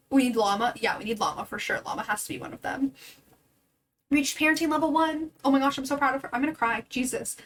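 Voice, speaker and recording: A woman's voice: high-pitched, a little fast, slight background noise, rough recording. A young woman streaming a life-sim game, chatting casually with her viewers and often laughing. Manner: chatty, giggly, talking to chat. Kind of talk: casual gameplay commentary.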